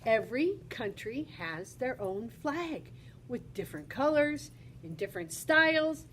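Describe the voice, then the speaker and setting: A woman teacher leads a children's video lesson in a bright, high voice, exclaiming and asking questions. She takes her time, slowing down to make each point clear. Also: very animated, slight background noise. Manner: bubbly and exclamatory, talks to kids.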